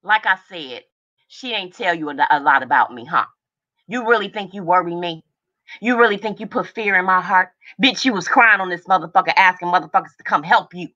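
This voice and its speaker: A woman's voice: lowish voice, brisk, pushed and bright, muffled recording. A middle-aged woman hosting a livestream, ranting in furious, profane confrontation, agitated and overheated, and repeating her lines for emphasis. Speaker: livestream host. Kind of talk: angry livestream rant.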